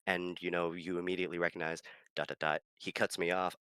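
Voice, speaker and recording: A very low-pitched man, chatting casually as a streamer and game master. His tone is bright and forceful, and the recording is close and dry, with quick, animated talk full of fillers and curses. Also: clear, resonant tone, no room sound. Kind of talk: casual chat.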